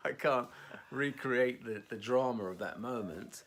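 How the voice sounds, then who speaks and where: A man's voice: medium pitch, measured pace, a bit bright, slight background noise. Rambling, self-mocking male co-host. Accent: Scottish. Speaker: podcast co-host. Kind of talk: casual conversation.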